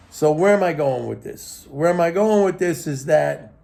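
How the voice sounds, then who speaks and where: A man's voice: fairly high pitch, vocal fry, mellow. A man, a market commentator, talking through his thoughts in a rambling casual monologue, repeating himself and filling with "like" and "okay?".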